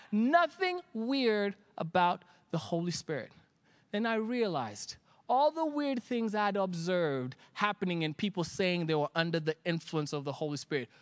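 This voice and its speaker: High-voiced preacher, lively sermon. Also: male voice. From Africa. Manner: animated, acts out his younger self in quoted asides. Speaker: pastor. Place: empty church streamed online.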